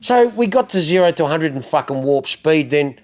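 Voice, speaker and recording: A middle-aged man with an Australian accent hosts a casual podcast, his voice sitting a little high for a man. He tells lively, profane anecdotes and acts out what other people said. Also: a little fast. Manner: animated, profane anecdotes with acted-out quotes. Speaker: podcast host. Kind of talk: casual chat, storytelling.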